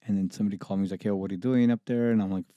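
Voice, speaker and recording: Low-voiced man telling profane studio stories. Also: racing, dry recording, dull audio. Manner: profane, animated anecdotes with laughs. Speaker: guest, recording engineer. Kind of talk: casual storytelling.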